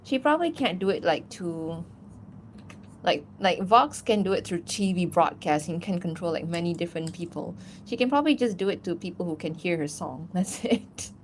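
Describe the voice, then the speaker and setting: A woman's voice: lowish voice, animated, normal speed. Woman chatting on her stream while she animates, giggly and rambly, lots of likes and ums, faint noise behind. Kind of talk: casual livestream chat.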